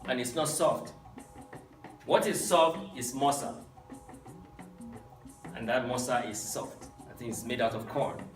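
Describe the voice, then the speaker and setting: A man teaching a Yoruba class, quizzing his students in an animated way and swooping up on key words. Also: mid-range voice, a little slow, pauses often. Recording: echoey room, distant mic, faint music.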